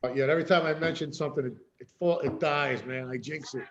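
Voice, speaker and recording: A man's voice: on the high side, fairly even intonation, fast talker, dull audio, slight background noise. A man, an actor guest, chatting casually in short, plain remarks. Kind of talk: casual chat.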